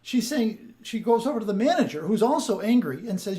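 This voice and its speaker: High-voiced man hosting a sales podcast. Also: very animated, brisk, hardly any pauses, mellow. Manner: chatty, restarts and repeats words. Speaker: sales coach and podcast host. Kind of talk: casual podcast monologue.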